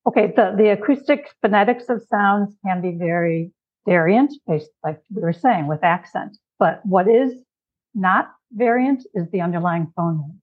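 A woman's voice: mid-range voice, moderate pace. Woman from chicago explaining stuff patiently, sounds like a video call, thin tinny audio. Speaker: guest expert on literacy. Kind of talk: conversational explanation.

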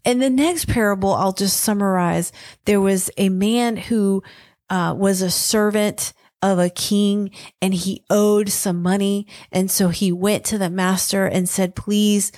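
A woman speaking at a middle pitch in an earnest devotional teaching, retelling scripture plainly with small fillers. She is close to a dry microphone with no room sound. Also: steady tone, unhurried, darkish tone, dry recording. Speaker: podcast co-host teaching on scripture.

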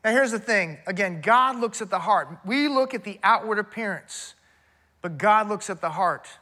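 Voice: medium pitch, animated, normal speed, bright, forceful tone. A pastor preaching a sermon in a folksy, conversational way, talking straight to the congregation with emphatic repetition and rhetorical questions.

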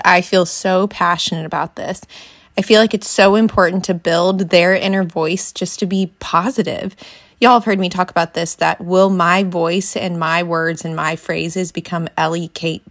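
Earnest woman podcast host. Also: lowish voice. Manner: earnest, encouraging, heartfelt. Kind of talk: faith-based parenting podcast talk.

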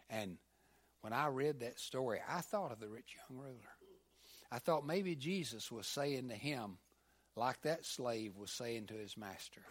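A man preaching a sermon, telling a story in a halting way and acting out the figures' voices. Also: mid-range voice, expressive. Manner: halting, with many fillers and restarts, voices the figures.

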